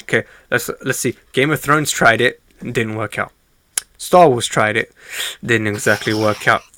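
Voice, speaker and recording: A man chatting on a podcast with a bright, forward voice and a lot of excitement. He acts out crowd reactions and hums tunes as he goes. The sound is dry and close, with no room around it. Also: mid-range voice, normal speed, no room sound. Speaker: podcast co-host. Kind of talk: casual chat.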